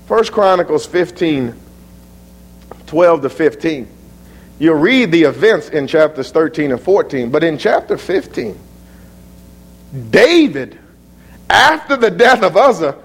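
A man preaching a sermon, citing scripture chapter and verse, dropping to low asides and rising to near-shouted peaks.

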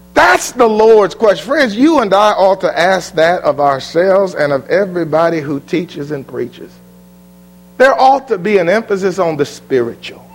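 A man preaching a sermon, emphatic, swinging from booming lines to quiet ones.

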